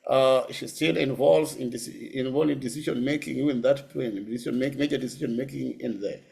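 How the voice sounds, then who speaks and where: Animated Kenyan man telling stories. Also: medium pitch, brisk, gravelly. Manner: animated storytelling, laughing often and switching into Swahili. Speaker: guest lecturer. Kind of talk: public lecture with personal storytelling.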